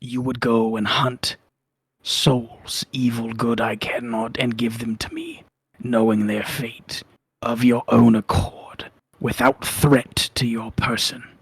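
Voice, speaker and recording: An ancient, bitter spirit of death and rot speaks in a slow, hushed half-whisper, as a man puts him on. The delivery stays flat and menacing, and the sound is dry and close. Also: mid-range voice, slightly rough, no echo. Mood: probing.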